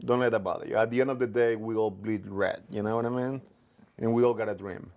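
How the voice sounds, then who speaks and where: A man's voice: on the low side, steady tone, a little mellow. A man talking about his life as a comedian, then doing a stand-up set, with frequent restarts and fillers. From Latino background. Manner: halting, many restarts and fillers. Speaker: comedian guest. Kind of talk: casual chat and stand-up set.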